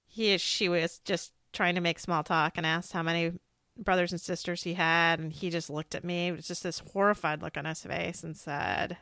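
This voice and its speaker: Bright-voiced woman podcast host. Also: fairly low pitch, fairly even intonation, moderate pace, gravelly, dry recording, clean studio sound. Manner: earnest, grows heated and emphatic when indignant. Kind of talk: casual conversational interview.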